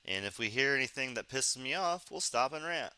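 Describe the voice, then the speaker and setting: A man's voice: medium pitch, lively intonation, a little fast, pushed and bright, clean tone, no echo. A man hosting a casual late-night news commentary stream, sarcastic and ranting, talking carefully with a sore face after surgery. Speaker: live stream host.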